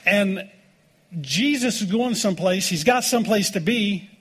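A middle-aged American pastor preaches a sermon, telling folksy stories with jokes and laughs. His voice is high, animated, unhurried and husky.

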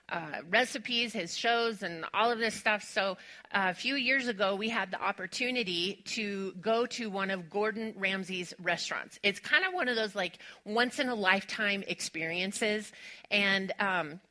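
A middle-aged woman pastor giving a sermon in a church, chatty and laughing often as she tells a personal story. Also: medium pitch. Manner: chatty and warm, laughs often, gets emotional. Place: church sanctuary.

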